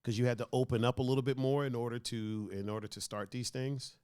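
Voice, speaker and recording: A man's voice: medium pitch, steady tone, fast, a little mellow, clean tone, dry recording, clean studio sound. A man hosting a podcast in casual chat, teasing and playful with his guest and laughing often. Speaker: podcast host.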